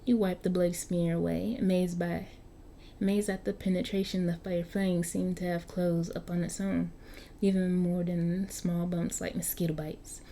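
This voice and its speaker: Mellow-voiced woman reading an interactive story. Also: lowish voice, flat delivery, normal speed, a little hiss or hum. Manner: stumbles and restarts over words; chatty asides to viewers. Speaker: story narrator.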